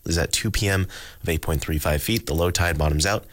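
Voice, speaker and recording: Deep-voiced relaxed radio host man. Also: fairly quick, no echo. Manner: relaxed, chatty, reads figures with asides. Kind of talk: casual radio announcing.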